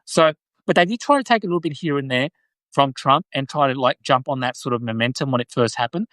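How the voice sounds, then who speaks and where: A man's voice: medium pitch, fast, a bit bright, no room sound, rough recording. A man with an Australian accent, hosting a live video and chatting about politics in a loose, talkative way, often tagging his points with "right?". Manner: chatty, frequent "right?" tags and restarts. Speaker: livestream host. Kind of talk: casual political commentary.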